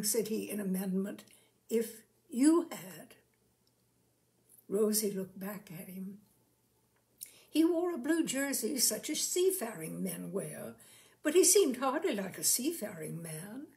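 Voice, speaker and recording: A woman reading a short story aloud in a measured, expressive way. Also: a little high. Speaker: story reader.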